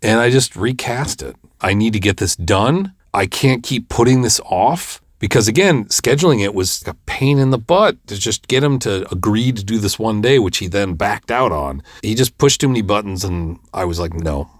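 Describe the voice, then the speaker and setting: A man's voice: fairly low pitch, expressive, normal speed, few pauses, dry recording, clean studio sound. A man hosting a podcast, telling a story in a rambling, exasperated way with lots of fillers. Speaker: podcast host and filmmaker. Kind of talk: casual storytelling monologue.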